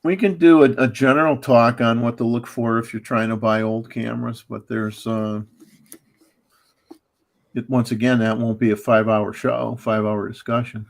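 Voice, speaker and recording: A man's voice: mid-range voice, fairly even intonation, normal speed, creaky. A man hosting a casual livestream chat, rambling with lots of fillers and restarts and chuckling often. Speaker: livestream host.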